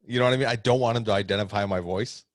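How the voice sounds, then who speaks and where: A man's voice: fairly low pitch, rapid-fire, no room sound, studio quality. A man co-hosting a podcast, telling a story in a rambling way, laughing often and swearing. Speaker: podcast co-host, pro wrestler. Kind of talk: casual chat.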